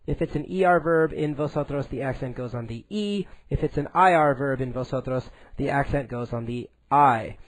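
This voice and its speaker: A man teaching a recorded Spanish grammar lesson in English, explaining slowly and deliberately with frequent "uh" fillers. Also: mid-range voice, no echo, rough recording.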